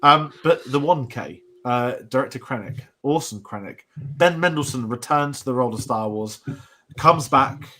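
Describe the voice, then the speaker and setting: A man's voice: mid-range voice, lively intonation, normal speed, sharp tone, slight background noise. A young British man hosting a casual show discussion, rambling with restarts and asides. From Britain. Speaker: podcast host.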